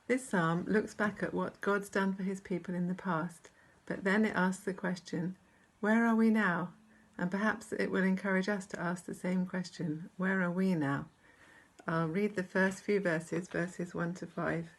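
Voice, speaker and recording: A woman with a British accent giving a measured, reflective devotional talk and reading scripture aloud. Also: on the low side, steady tone. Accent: British English. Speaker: church speaker.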